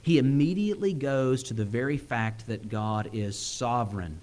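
A young male preacher, delivering a sermon. He is a bit sick, and his delivery swings in pitch and pace, with frequent chuckles. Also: moderate pace, darkish tone. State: sick, using cough drops.

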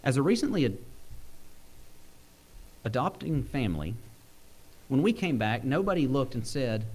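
Man preaching, young adult, a bit sick, lively swings in pitch, chuckling asides. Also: a little slow, pauses often, slightly rough. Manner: animated, swings pitch and pace, chuckles often. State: sick, using cough drops. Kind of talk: sermon.

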